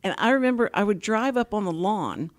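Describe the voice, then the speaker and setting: A woman's voice: medium pitch, animated, brisk. An older woman hosting a casual talk show, telling long rambling stories full of restarts. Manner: chatty, rambling storyteller with many restarts.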